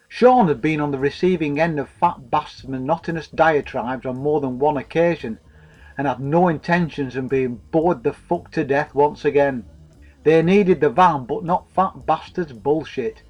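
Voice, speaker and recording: A man's voice: a little high, normal speed, a little mellow, low-quality recording. A man narrating a comic story in a wry, profane way.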